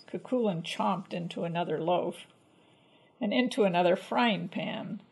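Gravelly-voiced woman reading a folktale. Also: on the low side, unhurried, poor audio. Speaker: storyteller. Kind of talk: storybook narration.

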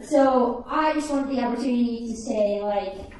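A woman's voice: on the high side, normal speed, darkish tone. Chatty young woman in an echoey room. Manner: chatty, peppered with "like". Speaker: storyteller. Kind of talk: live personal storytelling. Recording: echoey room heard from a distance.

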